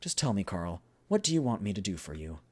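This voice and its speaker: A man's voice: deep voice, sing-song, brisk, breathy edge, full character voice. A man voicing a calculating businesswoman from a video game, cordial on the surface and cold underneath, in live dubbing. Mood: coolly scheming.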